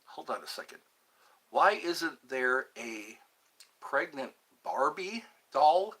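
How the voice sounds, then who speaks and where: A man's voice: medium pitch, very animated, slow, fairly bright tone, husky. A man hosting a live stream, chatting casually and reading viewer comments, often stumbling and repeating words. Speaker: livestream host.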